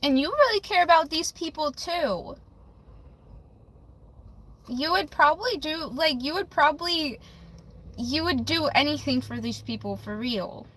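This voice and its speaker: A bubbly young woman chats with her livestream viewers and reads tarot cards for them, giggling often. Her voice sits high, with a bright, sharp edge. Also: animated, a little slow, pauses often, poor audio. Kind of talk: casual livestream chat.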